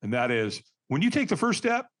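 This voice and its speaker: A man tells a story with a lively, swooping voice that sits a little high. He acts out what others said in changing voices and calls the host Doc. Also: a little fast. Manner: acts out quotes with shifting voices. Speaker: podcast guest, firewalking instructor. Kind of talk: animated storytelling.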